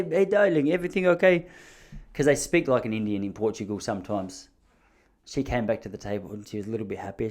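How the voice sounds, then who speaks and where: A man in his thirties tells a long story on his own podcast. He rambles, pokes fun at himself, and keeps breaking off and restarting his sentences. His pitch sits in an ordinary middle range. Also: a little mellow. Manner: rambling, self-deprecating, jokey, with frequent restarts. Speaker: podcast host. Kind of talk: casual solo storytelling.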